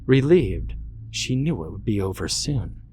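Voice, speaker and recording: A man narrating a horror story in a measured, suspenseful way. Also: lowish voice, very animated, dark tone, slight background noise.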